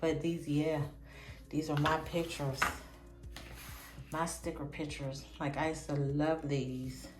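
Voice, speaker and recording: A woman from in her forties, chatting casually and excitedly as she shows off old keepsakes to her viewers. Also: sits low, slow pace, long pauses. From Pittsburgh, USA. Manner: chatty, tickled, easily excited. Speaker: vlogger. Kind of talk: casual nostalgic show-and-tell. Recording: echoey room with soft background music.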